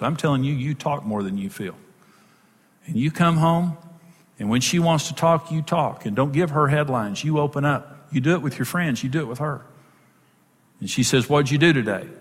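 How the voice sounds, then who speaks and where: A man's voice: medium pitch, fairly bright tone, husky. A middle-aged man giving a humorous talk on marriage, joking and acting out little quotes as he teaches. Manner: jokey, self-deprecating, acts out quotes. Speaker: marriage speaker. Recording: long reverb of a large hall.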